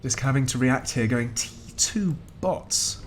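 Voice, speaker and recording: A man's voice: medium pitch, unhurried, slight background noise. A man giving chatty, wry play-by-play commentary on a strategy game match as the host, chuckling often. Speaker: esports caster.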